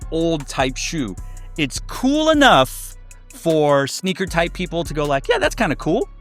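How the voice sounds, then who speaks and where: A man's voice: fairly high pitch, fairly bright tone. A man giving a casual sneaker review, chatty and loose, with many fillers and restarts.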